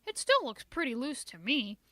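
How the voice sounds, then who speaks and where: A gentle, coaxing old grandfather in a storybook reading, as a woman reads him in a light voice. The voice sits high and bright, with a lively lilt. The sound is close and dry. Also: moderate pace, no room sound, full character voice. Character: patient, weary old grandfather.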